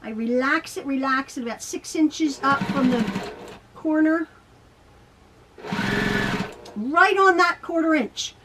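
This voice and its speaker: A woman's voice: sits high, slow, pauses often. A middle-aged woman teaching quilting in her home sewing room, chatting and rambling as she sews and laughing often. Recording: sewing machine noise behind her. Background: sewing machine.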